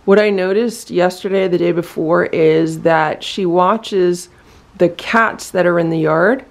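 A woman narrating her home cat rescue vlog in a calm, matter-of-fact way, switching to sing-song baby talk for her cats. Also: fairly low pitch, unhurried. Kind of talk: casual narration to camera.

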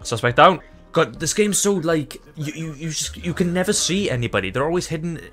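A man giving loose, excitable gameplay commentary, swearing freely, laughing often and tripping over his own words. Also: a little high, a little fast, soft background music. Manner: rambling, self-interrupting. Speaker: gaming YouTuber.

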